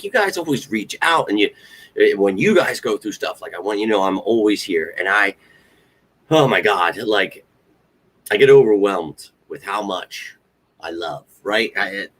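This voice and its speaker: Rambling, heartfelt man with a low voice. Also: a bit bright. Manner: heartfelt, rambling, swears casually. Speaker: podcast host. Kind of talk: casual fan talk show.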